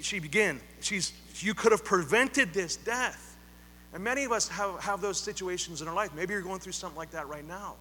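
A man preaching a sermon with emphatic, repeated phrases that build into loud appeals. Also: sits high. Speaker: pastor. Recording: hall reverb, faint hum.

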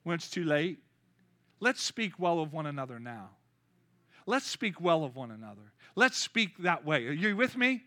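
A man in his fifties preaching a lively, joking sermon with call-and-response. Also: on the high side, normal speed. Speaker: pastor.

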